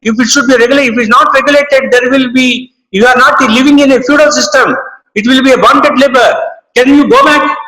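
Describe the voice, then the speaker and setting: Emphatic older Indian man, high voice. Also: fairly even intonation, a little fast, sharp tone. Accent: Indian English. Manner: emphatic, repetitive phrasing, emotional. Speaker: retired judge, interview guest. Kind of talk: impassioned interview answers. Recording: roomy echo.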